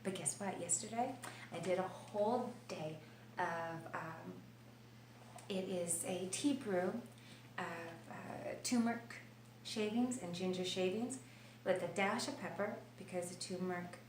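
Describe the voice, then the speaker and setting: A woman vlogging about her illness in her kitchen, telling her story with animated gestures and sometimes dropping to a quiet whisper. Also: on the low side, measured pace. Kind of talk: personal video diary. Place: kitchen of an old house. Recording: roomy, distant mic with faint noise.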